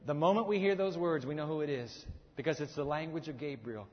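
High-voiced pastor preaching in a reverberant hall. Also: male voice, brisk. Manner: dramatic, acts out the scripture characters in lively bursts. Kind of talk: sermon. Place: church sanctuary. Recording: muffled hall recording with long reverb.

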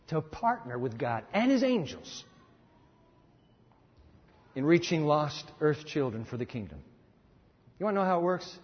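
A middle-aged male preacher with a high-side, slightly breathy voice delivers an emphatic yet conversational sermon, frequently restarting phrases to press his point. The sound is dull, with the long reverb of a hall.

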